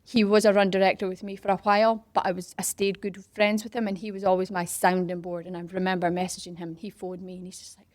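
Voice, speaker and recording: A middle-aged woman in an interview who tells her story with lots of animation. She slips into other people's voices and lowers to a whisper for effect. Her voice sits at an ordinary middle pitch, and the recording is close and dry. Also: flat delivery, quick pace, hardly any pauses, no echo. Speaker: interview guest, parkrun organiser. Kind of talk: casual storytelling.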